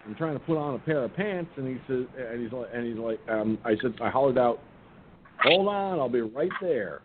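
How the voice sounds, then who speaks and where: A man's voice: fairly even intonation, quick pace. Older man rambling on a phone line. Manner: rambling, many restarts, swears casually. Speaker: radio show host. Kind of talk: casual rambling monologue. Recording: muffled phone-line audio with faint rumble.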